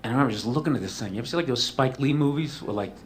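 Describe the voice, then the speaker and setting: A man of ordinary pitch spinning a profane, self-mocking story as a talk show guest. He rambles through fillers and restarts. There is a faint hiss under his voice. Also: animated, very fast. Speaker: comedian guest.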